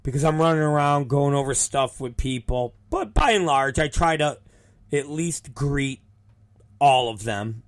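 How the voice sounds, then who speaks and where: Animated, profane male show host. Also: medium pitch, measured pace. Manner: animated, profane, acts out the people in his stories. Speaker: show host, wrestling promoter. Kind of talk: casual storytelling.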